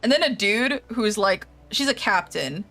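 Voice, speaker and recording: A woman's voice: medium pitch, expressive, a little slow, vocal fry, bright, forceful tone, faint music behind. A young adult woman streaming a game, recapping its story in casual chat, swearing freely and laughing often.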